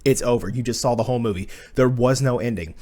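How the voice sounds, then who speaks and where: A man's voice: medium pitch, fast talker, warm tone. A man giving a casual spoken movie review, blunt and profane, slipping into exasperated rants.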